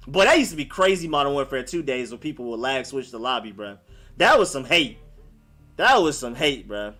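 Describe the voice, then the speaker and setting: A young man raised in Atlanta after being born in Maryland answers viewers on a relaxed live stream. His fairly high voice is animated, pushed and bright, and fairly quick, and his talk is slangy and conversational, peppered with "like" and "y'all."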